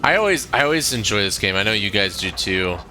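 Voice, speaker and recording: A man giving casual, relaxed commentary while he plays a video game. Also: on the low side, faint music behind. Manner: slow, relaxed, chatty. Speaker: gameplay host.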